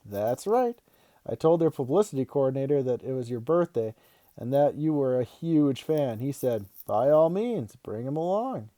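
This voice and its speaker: A bouncing, excitable father bursting with news, pitched up and eager, as a man reading aloud puts him on. His tone is mellow and dry, close and playful, a storybook dad who can't sit still. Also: moderate pace, no echo, lightly acted. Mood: excited. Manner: eager and loud, teasing.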